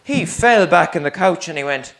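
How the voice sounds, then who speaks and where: A man's voice: on the high side, expressive, moderate pace, fairly bright tone. A man tells a story to schoolchildren in a playful way and asks them questions as he goes. His voice swoops up and down with great animation. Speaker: primary school teacher, storyteller. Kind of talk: storytelling for children.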